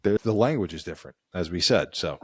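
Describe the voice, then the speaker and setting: Deep-voiced American man thinking aloud. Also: expressive, breathy edge, dry recording, clean studio sound. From United States. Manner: halting, thinks aloud with fillers. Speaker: podcast co-host. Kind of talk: casual chat.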